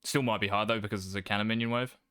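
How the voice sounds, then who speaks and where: A young man talks through gameplay as a coach, brash and sure of himself, swearing freely. His voice is bright and forceful, crisp and smooth, and it sits close and dry with no room around it. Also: fairly low pitch, fairly even intonation, rapid-fire, dry recording. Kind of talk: casual gameplay coaching commentary.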